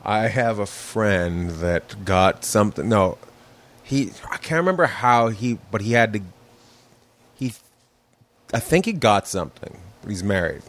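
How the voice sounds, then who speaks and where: Low-voiced man telling loose anecdotes. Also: lively intonation, a little slow. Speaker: comedian guest. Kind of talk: casual storytelling chat.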